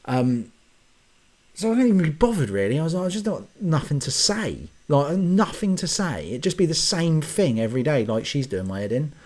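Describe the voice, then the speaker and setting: A man's voice: a little high, sing-song, fairly quick, a little mellow. A man, rambling through a sarcastic, casual comic rant to camera and swearing freely. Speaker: YouTube ranter and host.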